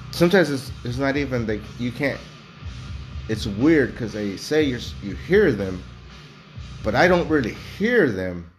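A foul-mouthed man in his forties rambles bluntly through a candid monologue. His voice sits low, and guitar music plays clearly behind him. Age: 40s. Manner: rambling, heavily profane, blunt.

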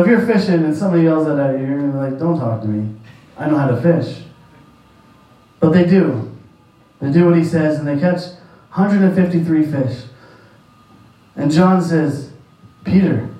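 High-voiced male pastor preaching in echoey room. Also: warm tone. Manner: repetitive, emphatic preaching. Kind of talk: sermon. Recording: echoey room, distant mic.

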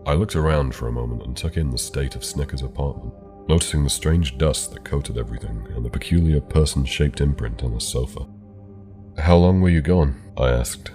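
A man narrating a horror story in a calm, measured way. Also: a bass voice. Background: soft background music.

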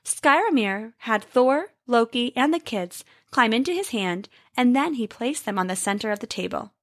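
A woman telling a storybook tale aloud with an expressive, lively reading. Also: on the high side, moderate pace, no room sound, studio quality.

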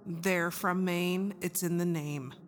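A woman's voice: on the low side, steady tone, takes it slowly, heavy background noise. A woman co-hosting a paranormal podcast, dry and matter-of-fact in casual chat. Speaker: podcast co-host.

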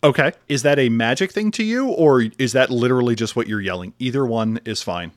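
A man running a tabletop role-playing session, narrating scenes in a relaxed, wry, descriptive way. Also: mid-range voice, brisk. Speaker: game master.

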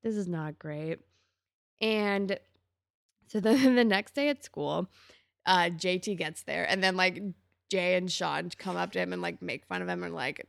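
A woman co-hosting a podcast, chatting casually through an episode recap and acting out characters' lines with big jumps in pitch. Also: moderate pace, vocal fry, a bit bright, dry recording, studio quality. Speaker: podcast co-host.

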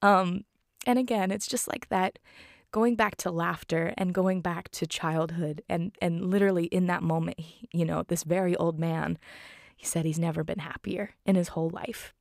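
A woman's voice: lowish voice, steady tone, normal speed, vocal fry, a little mellow, no echo, clean studio sound. A woman recapping a film in casual talk, heartfelt and rambling with many fillers. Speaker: film reviewer.

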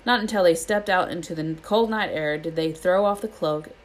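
A woman reading a children's book aloud in a steady storytelling way, with small slips. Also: lowish voice, normal speed. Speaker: reader.

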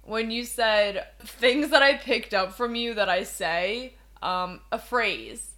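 A woman's voice: fairly high pitch, lively intonation, slow pace, fairly bright tone. A young woman co-hosting a podcast, chatting casually and teasing her friend, laughing often. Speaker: podcast co-host. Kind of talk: casual chat.

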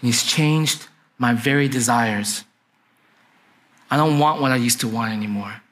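A young adult pastor speaks a little slowly in a medium-pitched, slightly bright voice. His sermon is conversational storytelling, punctuated by frequent "right?" prompts to his listeners.

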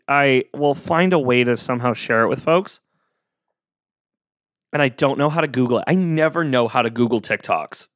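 A man's voice: fairly high pitch, fairly bright tone, no room sound. A man hosting a solo podcast, talking in a rambling, earnest, self-deprecating way with many fillers, close to the mic. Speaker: podcast host. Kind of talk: casual solo podcast monologue.

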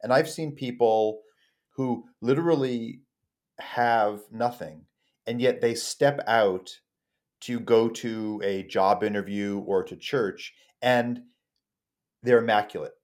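A man co-hosting a podcast, talking in a reflective, measured way. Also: medium pitch. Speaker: podcast co-host. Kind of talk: conversational podcast discussion.

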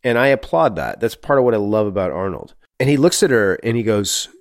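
A man co-hosting a movie review podcast, talking in an animated way, often laughing and saying "like" a lot. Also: fairly low pitch, fairly quick, no room sound, clean studio sound. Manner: animated, laughing, heavy use of "like". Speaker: podcast co-host. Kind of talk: casual movie review chat.

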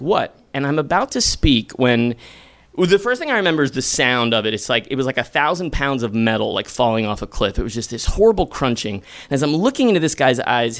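A young man telling a self-deprecating comic story live, acting out quoted lines with sudden high squeals. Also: fairly bright tone.

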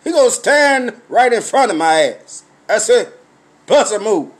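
A man with a high, lifted voice delivers a profane comic rant. He tells the story loudly and repeats himself, acting out his own confrontations as he goes. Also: very animated, a little slow. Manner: loud, repetitive, swearing storyteller who acts out confrontations.

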